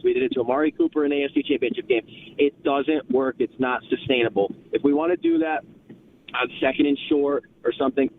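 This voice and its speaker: A man calling in to a sports radio show, ranting in an exasperated, vivid way. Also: medium pitch. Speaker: caller. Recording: tinny phone line with faint noise.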